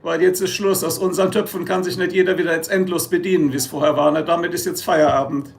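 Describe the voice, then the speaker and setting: A man's voice: on the high side, level tone, fast, gravelly. A German man with a German accent, hosting a casual live stream, joking and rambling as he answers chat. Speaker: livestream host.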